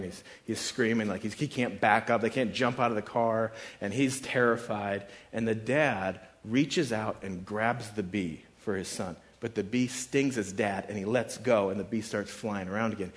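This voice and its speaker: A man preaching a sermon as pastor. He talks casually and conversationally, fills his speech with "like," and acts out the people he quotes. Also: on the low side. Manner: casual and conversational, with frequent "like" fillers; dramatic, voices the people in his scripture quotes.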